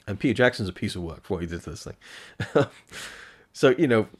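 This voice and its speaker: A man's voice: on the low side, expressive, fairly quick, husky. A man reviewing films in a passionate, rambling monologue, often restarting his sentences. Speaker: film reviewer. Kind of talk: casual opinion monologue.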